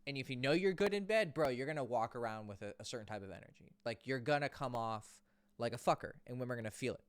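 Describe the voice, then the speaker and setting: A man's voice: medium pitch, expressive, fast talker, clear, resonant tone, dry recording. A man working as a dating coach, talking casually and bluntly, swearing now and then and answering viewer questions. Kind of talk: casual livestream talk.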